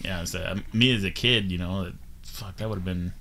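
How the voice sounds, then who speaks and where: A man's voice: low-pitched, steady tone, a little fast, a bit bright, slight background noise. A man in a casual podcast chat, musing and trailing off as he recalls things.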